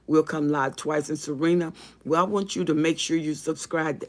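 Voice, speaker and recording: A woman's voice: low-pitched, steady tone, normal speed. A woman hosting a live advice stream, reading viewer comments aloud and answering them with emphatic, repetitive, preacher-like encouragement. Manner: religious encouragement.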